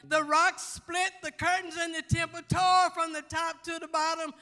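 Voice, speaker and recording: A woman's voice: very high voice, little pitch movement, normal speed, sharp tone. A woman pastor preaching a fervent gospel sermon, repeating and building her phrases. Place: church sanctuary. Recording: church hall reverb with faint music.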